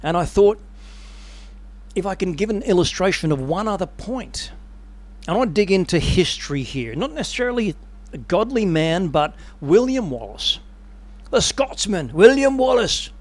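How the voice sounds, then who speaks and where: A man preaching a sermon with animated, dramatic storytelling. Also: sits high, moderate pace.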